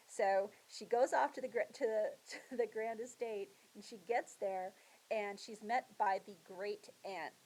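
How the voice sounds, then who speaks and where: A middle-aged woman, a school librarian, casually retelling and recommending books for students in a chatty, animated way. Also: medium pitch, low-quality recording. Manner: chatty, animated storytelling with acted voices. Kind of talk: book review for students.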